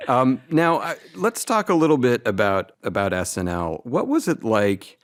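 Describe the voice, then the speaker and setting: A man's voice: medium pitch, very animated, unhurried. A man hosting a podcast, asking rambling questions with fillers and laughter. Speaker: podcast host. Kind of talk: casual interview.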